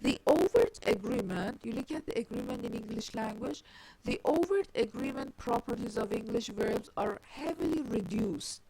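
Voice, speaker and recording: A woman's voice: fairly high pitch, expressive, gravelly, noisy background. A woman lecturing on syntax, explaining tree diagrams step by step and often restarting with "I mean". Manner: halting, with frequent "I mean" restarts. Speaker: linguistics lecturer. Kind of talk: recorded grammar lecture.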